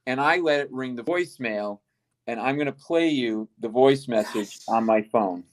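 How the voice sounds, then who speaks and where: A man's voice: medium pitch, moderate pace. A middle-aged male comedian, a guest, telling a self-deprecating story with lots of energy and acting out the dialogue. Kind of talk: comic storytelling.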